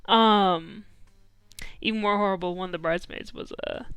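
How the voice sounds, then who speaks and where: A woman's voice: mid-range voice, fairly even intonation, moderate pace, a bit bright, clear, resonant tone, no room sound. A young adult woman streamer telling a story in casual chat, full of "like" and "um" and frequent laughter. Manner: chatty, peppered with "like" and "um", laughing often.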